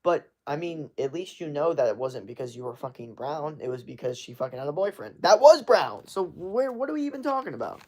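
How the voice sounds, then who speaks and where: A man's voice: a little high, lively intonation, normal speed, hardly any pauses, a little mellow. Blunt, profane young man ranting. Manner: blunt, profane, emphatic, lots of fillers. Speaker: streamer answering chat. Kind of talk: casual live-stream advice rant.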